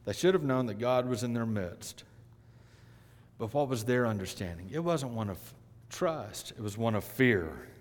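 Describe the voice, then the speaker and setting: A male pastor delivering a sermon, swinging between loud emphatic lines and hushed, quiet ones. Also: mid-range voice. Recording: long hall reverb.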